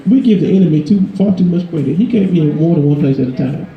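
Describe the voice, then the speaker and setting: A man preaching a sermon in a conversational, emphatic way, his voice climbing higher when he drives a point home. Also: quick pace, creaky, roomy sound, lo-fi sound. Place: church.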